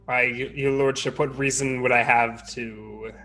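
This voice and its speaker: A man's voice: mid-range voice, fairly even intonation, unhurried, sharp tone, soft background music. A man playing a character in a tabletop game, hesitant and stammering, often laughing. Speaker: player.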